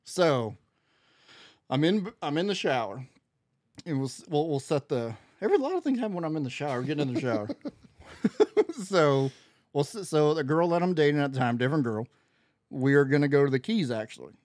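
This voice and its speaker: A man's voice: a little high, a little fast, long pauses, no room sound, studio quality. A man in casual conversation as a podcast guest, telling a story animatedly and acting out the voices in it. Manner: animated storyteller, acts out quoted dialogue.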